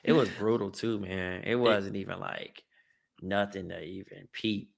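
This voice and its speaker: A man's voice: low voice, fairly even intonation, unhurried, vocal fry. A man co-hosting a podcast in casual sports chat, slangy and exasperated, saying bruh often. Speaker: podcast co-host.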